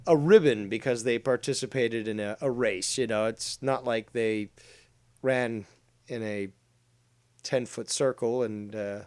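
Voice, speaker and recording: A man commenting on clips in a crude, blunt rant, loud at one moment and muttering low asides the next. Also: measured pace. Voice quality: profane and blunt, swings between loud rants and low asides.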